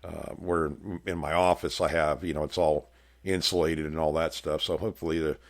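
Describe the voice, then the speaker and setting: Deep-voiced man hosting a chatty show. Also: little pitch movement, moderate pace. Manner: rambling, folksy storytelling with laughs. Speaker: podcast host. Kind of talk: casual radio show chat. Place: house room with bare walls.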